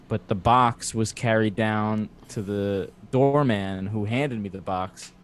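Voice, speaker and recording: A man's voice: lowish voice, measured pace, a little hiss or hum. A man hosting a podcast over a video call, telling a rambling, self-deprecating story from his bedroom with a table mic. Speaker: podcast host. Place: cluttered bedroom at home. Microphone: clamp mic on a table.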